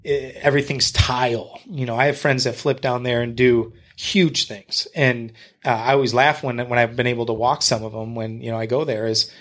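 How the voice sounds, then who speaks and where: Man swearing through a lively story. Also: mid-range voice, normal speed, hardly any pauses. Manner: animated storyteller who acts out what people said, swears freely. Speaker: podcast guest. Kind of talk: casual podcast conversation.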